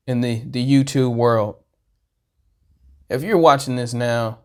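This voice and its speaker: A man hosting a casual reaction vlog, rambling and self-deprecating, swinging from hushed asides to excited bursts. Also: medium pitch, takes it slowly, pauses often, clean tone. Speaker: vlogger.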